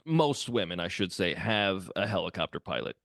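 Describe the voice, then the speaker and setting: Male podcast co-host, gravelly, dry close sound, animated storyteller who swears a lot. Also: low-pitched, moderate pace, dry recording. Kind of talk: casual comedic chat.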